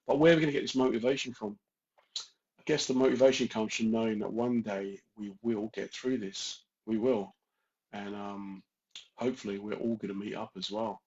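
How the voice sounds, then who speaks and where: A man's voice: fairly low pitch, steady tone, moderate pace, darkish tone, lo-fi sound. A man with a London accent hosting a casual live stream from home, joking and greeting viewers by name. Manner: straight-talking, jokey, addresses viewers by name.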